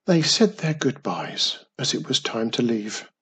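A man narrating a children's story in a gentle, expressive way. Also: mid-range voice, unhurried, slightly rough.

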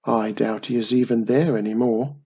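A man voicing a warm, mysterious witch mother who speaks in a lively, reassuring way. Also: mid-range voice, moderate pace, gravelly, husky, lo-fi sound.

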